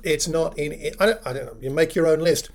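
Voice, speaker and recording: Guy giving a sermon, slightly high voice, slows way down on key words and keeps asking the congregation questions. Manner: measured, slows to stress key phrases, rhetorical questions. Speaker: preacher. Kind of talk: sermon teaching.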